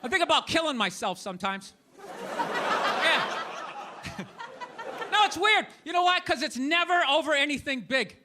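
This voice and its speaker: A man's voice: extremely high pitch, expressive, unhurried, pauses often, a crowd in the background, noisy background. A man doing a stand-up comedy set, ranting in an incredulous way and acting out the people he quotes.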